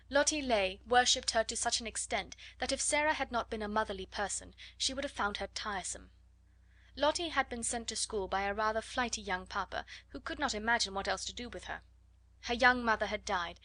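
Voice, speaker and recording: A woman narrating a classic children's novel in a measured storytelling manner. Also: mid-range voice, bright, forceful tone, dry recording. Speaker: audiobook narrator. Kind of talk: scripted audiobook narration.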